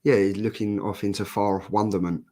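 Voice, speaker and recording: A man co-hosting a comic review show, teasing the others and clearing his throat. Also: on the low side, level tone, brisk, mellow. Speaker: show co-host. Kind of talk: casual chat.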